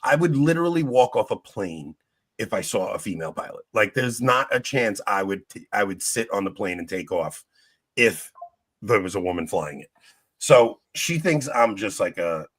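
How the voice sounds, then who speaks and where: A man's voice: on the low side, expressive, moderate pace, fairly bright tone, no echo. A young man co-hosting a casual talk show, telling a story with frequent laughs and joking asides. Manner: laughing often, joking, mimics people in stories. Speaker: podcast co-host.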